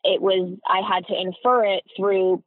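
A woman guest talking reflectively about her own behavior, often pausing to search for words, heard over a remote line. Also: mid-range voice, flat delivery, dry recording. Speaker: podcast guest. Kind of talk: personal conversation. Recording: tinny phone-like remote line.

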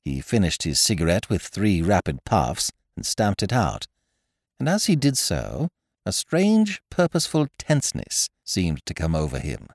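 A man narrating a story in an expressive, animated reading on a close microphone. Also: low voice, a little slow, gravelly, no room sound. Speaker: podcast narrator.

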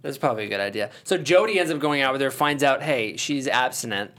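A woman's voice: rumbling low, animated, quick pace, a bit bright. A woman hosting a casual chat that recaps a TV episode, rambling with fillers. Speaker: host.

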